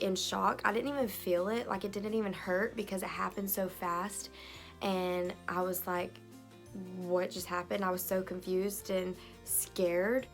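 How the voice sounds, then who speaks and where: Young female vlogger, chatty storytime delivery, phone mic, faint background music. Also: medium pitch. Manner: fillers and lively retelling with quoted voices. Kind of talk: storytime vlog.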